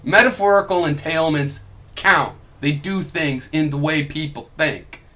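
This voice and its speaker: A man's voice: fairly high pitch, measured pace, sharp tone. A young adult man recording a heated reply vlog, ranting in a combative, sarcastic and profane way. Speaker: video blogger.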